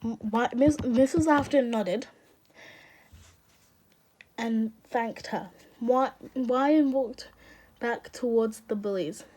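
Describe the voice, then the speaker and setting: A woman's voice: fairly high pitch, slow, long pauses, darkish tone. A woman reading fan fiction aloud in an emotional way, stopping to laugh and apologize.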